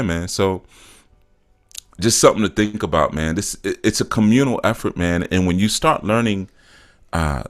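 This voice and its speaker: A middle-aged man hosting a show, talking in loose casual storytelling, with a lot of "man" and "you know", and getting emphatic now and then. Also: low-pitched. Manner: acts out quotes and grows emphatic. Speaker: spiritual teacher and show host. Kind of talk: casual talk-show monologue.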